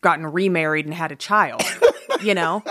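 A woman's voice: deep voice, normal speed, sharp tone, slight background noise. A woman guest telling personal stories in casual conversation. She laughs often and restarts her sentences. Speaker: podcast guest. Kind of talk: casual storytelling.

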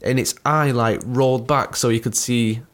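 A man's voice: mid-range voice, steady tone, normal speed. A young man co-hosting a podcast, telling a story in a rambling, sweary, laughing way. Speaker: podcast co-host. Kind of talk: casual chat.

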